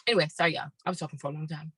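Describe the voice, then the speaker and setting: Casting note: woman co-host, blunt and profane, bright voice with a dry, close sound. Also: deep voice, fairly even intonation, very fast, slightly rough, dry recording, poor audio. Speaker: podcast co-host. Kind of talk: casual chat.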